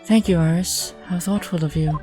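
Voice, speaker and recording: A man voicing a gentle, polite young woman in a softly raised voice, reading game dialogue. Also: fairly high pitch, moderate pace, faint music behind, pitched above the performer's own voice, lightly acted.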